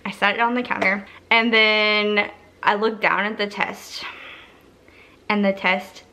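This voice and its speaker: A woman's voice: mid-range voice, little pitch movement, unhurried, bright, forceful tone. A young woman telling a personal story in a casual, chatty way, full of "like" fillers and acted-out quotes. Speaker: vlogger.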